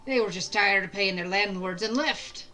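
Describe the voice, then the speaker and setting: A woman voicing a boisterous old male pirate captain, reading game dialogue aloud in character with a loud, swaggering storyteller's manner. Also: mid-range voice, normal speed, faint music behind, natural voice, low-quality recording.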